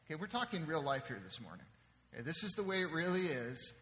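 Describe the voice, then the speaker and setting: A man's voice: fairly high pitch, big pitch swings, quick pace, a bit bright. A man preaching a sermon in a conversational way, often checking in with the congregation. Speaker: pastor. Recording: long reverb in a large hall.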